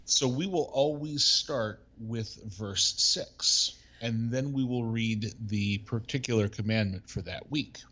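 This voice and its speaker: A man co-hosting a pastors' podcast who reads scripture in a measured, deliberate way. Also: mid-range voice, bright, forceful tone, lo-fi sound, slight background noise. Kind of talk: podcast talk and scripture reading.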